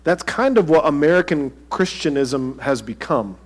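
A man's voice: fairly high pitch, animated, moderate pace. A pastor preaching a sermon to his congregation in a conversational way, asking them direct questions.

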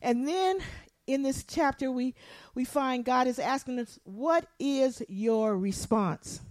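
A woman pastor preaching a sermon, animated, acting out quotes and asking the congregation to respond. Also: high-pitched, dry recording, clean studio sound.

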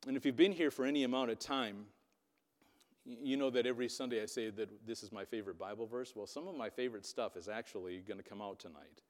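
A man's voice: medium pitch, fast. Man preaching in a reverberant hall. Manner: dramatic storytelling with shifting loudness. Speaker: pastor. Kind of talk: sermon. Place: church hall.

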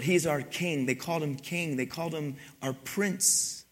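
An older male pastor preaches with a bright, forceful voice that sits a little high for a man. He tells stories and speaks straight to his congregation. He swings from loud, ringing exclamations down to hushed, almost whispered lines. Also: a little slow. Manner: storytelling, conversational asides to the congregation. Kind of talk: sermon.

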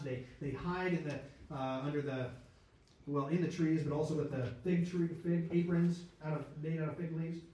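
A man's voice: a little high, dark tone. A man teaching from a Bible passage in a conversational way, asking rhetorical questions and correcting himself as he goes. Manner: asks rhetorical questions, checks in with listeners; restarts and self-corrects mid-sentence. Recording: very echoey room, speaker far from mic.

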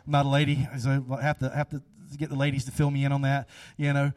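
A man's voice: mid-range voice, monotone, quick pace, darkish tone, dry recording, clean studio sound, distant mic. A man leading a casual, chatty sermon after an audience guessing game, upbeat and repeating himself.

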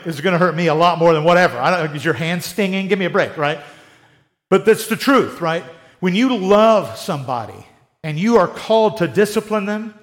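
A middle-aged man teaches scripture in a loose, conversational way, his voice sitting high for a man. He gets animated, swinging into little acted-out voices for the people he quotes and chuckling at his own asides. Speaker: Bible study teacher.

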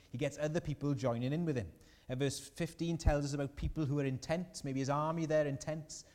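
A man's voice: on the high side, darkish tone, long reverb tail. A man preaching a sermon as a pastor, earnest and rising in emphasis on key lines.

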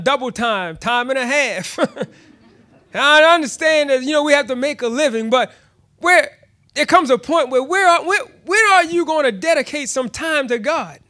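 Guy preaching a sermon, super high voice, bright, laughs a lot and restarts his words. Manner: laughs often, animated storytelling, many restarts. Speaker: pastor.

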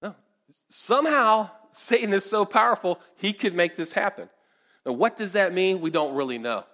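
A male pastor gives a sermon in a lively, conversational style. He often throws questions to the congregation. His voice sits high for a man. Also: moderate pace.

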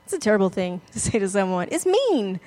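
A woman's voice: medium pitch, big pitch swings, a little fast, warm tone. A woman pastor giving a conversational, self-deprecating sermon, often laughing as she talks.

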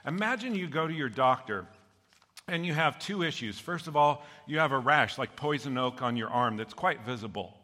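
Bright-voiced pastor preaching in a hall. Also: male voice, medium pitch, normal speed. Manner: animated storytelling, acting out voices of characters. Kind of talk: sermon.

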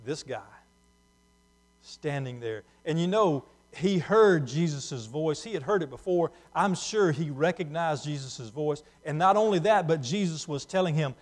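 A man preaching a sermon, moving between hushed, slow passages and loud, emphatic ones. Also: a little high, expressive.

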